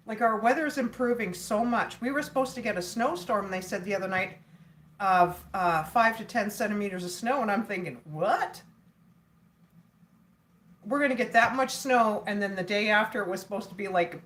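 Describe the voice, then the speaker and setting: A woman's voice: on the high side, fairly bright tone. A woman hosting a casual livestream, chatting with viewers and laughing often.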